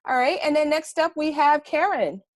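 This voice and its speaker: A woman's voice: high voice, moderate pace, dry recording, clean studio sound. A woman hosting a podcast panel in an upbeat, enthusiastic way, speaking over a video call. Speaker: panel host.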